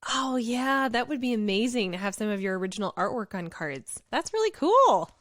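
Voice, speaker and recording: A woman's voice: a little high, big pitch swings, moderate pace, a bit bright, no room sound, studio quality. A woman hosting a podcast, interviewing her guest in an enthusiastic, encouraging way. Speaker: podcast host.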